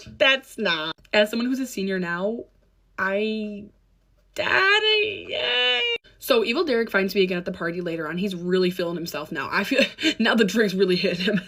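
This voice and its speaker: A woman's voice: mid-range voice, animated, moderate pace. A young woman telling a personal story into her phone camera, candid and sarcastic, laughing through the heavy parts. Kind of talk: casual storytime vlog.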